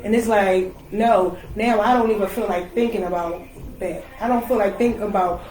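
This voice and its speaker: A woman's voice: medium pitch, fairly even intonation, normal speed, a little mellow. A woman in casual chat, musing thoughtfully about focus and drive. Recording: roomy echoey sound.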